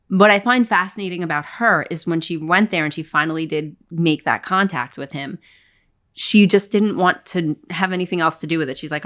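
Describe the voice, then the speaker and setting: Low-voiced woman, animated faith talk. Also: normal speed. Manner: animated, retells scenes with quoted dialogue. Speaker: podcast co-host. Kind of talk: casual faith discussion.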